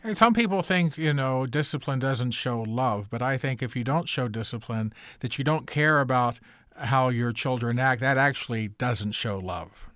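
A man, a priest who hosts a radio show, asking his guest long, measured questions. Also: mid-range voice, a bit bright, no room sound, clean studio sound. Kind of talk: radio interview host.

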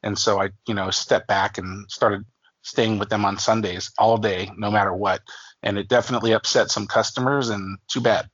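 A man's voice: fairly low pitch, steady tone, normal speed, fairly bright tone, no echo. A man in his forties, a guest author on an interview, telling stories casually with lots of fillers and restarts. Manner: rambling, many fillers and restarts, acts out quoted family voices. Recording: dull lo-fi dry audio.

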